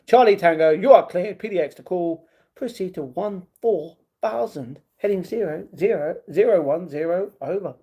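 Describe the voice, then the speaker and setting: Brief: man voicing a brisk male tower controller with clipped, higher radio talk. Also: mellow, husky.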